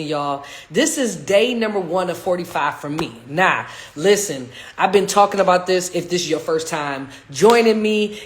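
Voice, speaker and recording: An adult coach talking in a casual livestream vlog, earnest and heartfelt, rambling in loose slang with many restarts. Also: mid-range voice. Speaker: fitness and life coach.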